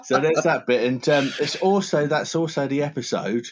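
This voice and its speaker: A man's voice: on the high side, moderate pace. A man co-hosting a podcast, casually retelling comedy scenes and laughing. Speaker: podcast co-host. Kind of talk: casual chat.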